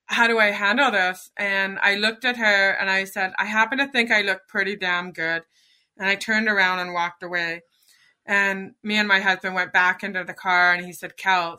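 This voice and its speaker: A woman with a strikingly bright, forceful voice tells her own story as a podcast guest. She is middle-aged and talks with earnest feeling, lingering on the moments that matter. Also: mid-range voice, steady tone, moderate pace. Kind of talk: personal storytelling.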